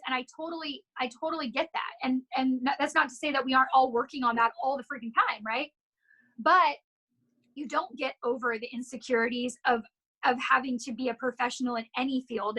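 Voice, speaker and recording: A woman gym owner in her thirties speaks in a high, bright voice. She talks candidly and tells stories with an encouraging, down-to-earth manner in a casual interview. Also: rough recording. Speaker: gym owner and fitness instructor, guest.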